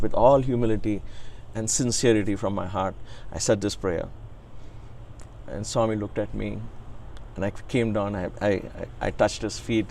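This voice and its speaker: A man's voice: fairly low pitch, fairly even intonation, moderate pace, gravelly, a little hiss or hum. A man in his sixties, an interviewee, telling a reverent personal story in an earnest way. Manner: earnest, reverent, frequent restarts and soft laughs. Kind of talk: reflective storytelling.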